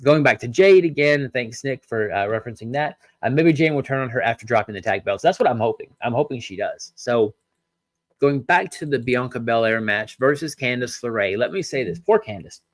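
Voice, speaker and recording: On his own wrestling review podcast, this man rants through lots of rhetorical questions, pausing now and then to say sorry for his tangents. His voice is mid-range with lively intonation, and the recording is dry.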